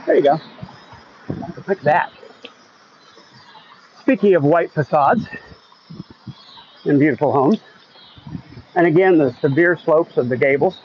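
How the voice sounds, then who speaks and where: A man's voice: on the high side, a little slow, pauses often, highs cut off, slight background noise. A man from Oklahoma chatting casually on a live stream while walking outdoors at night, reading viewer comments aloud and joking about what he sees. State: a bit out of breath walking uphill. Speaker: vlogger reading live chat. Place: outdoors on a residential street at night.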